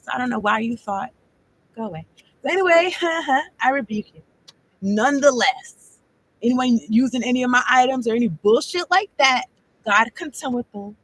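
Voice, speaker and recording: A woman's voice: fairly high pitch, expressive, normal speed, fairly bright tone, breathy edge, rough recording. A woman giving a casual tarot reading, rambling and profane, laughing often as she talks. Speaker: tarot card reader.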